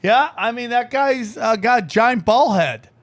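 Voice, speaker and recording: A man's voice: very high voice, measured pace. A man hosting a podcast, chatting casually in a brash, rambling way with lots of swearing. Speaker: podcast host. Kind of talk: casual chat.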